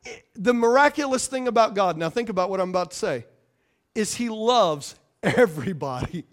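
A man's voice: sits high, expressive, normal speed. A man preaching a sermon with call-and-response, playful asides and repeated phrases for emphasis. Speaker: pastor.

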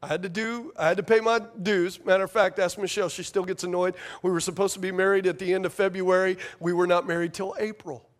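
A male pastor preaching a sermon to his congregation, talking casually, repeating phrases, asking questions, and building to near shouts. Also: high voice, little pitch movement, quick pace, few pauses. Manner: rises to near shouting at climaxes, drops to hushed tones in prayer.

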